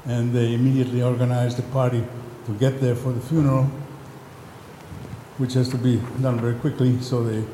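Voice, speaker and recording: A man's voice: medium pitch, level tone, a little fast, mellow, a little hiss or hum. A man speaking on a panel in a lecture hall, talking hesitantly with many ums and telling a joke. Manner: hesitant, many ums, raising voice when the mic fails.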